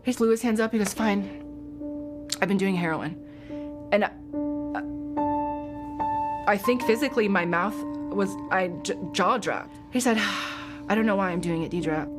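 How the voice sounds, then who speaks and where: Woman, 30s, interviewee; tearful and halting, retelling conversations, soft music beneath. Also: mid-range voice. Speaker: interviewee, widow of a veteran. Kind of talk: emotional interview.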